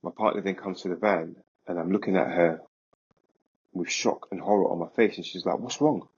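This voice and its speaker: A man, a podcast guest, recounting a story in a vivid, animated way. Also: sits low, a little fast, husky, lo-fi sound. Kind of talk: casual storytelling.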